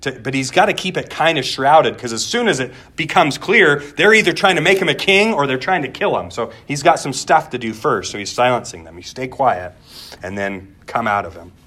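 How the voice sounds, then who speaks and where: A man's voice: a little high, big pitch swings, a little fast, hardly any pauses, pushed and bright. A pastor preaching a sermon in a conversational way, repeating words as he goes and asking the room questions.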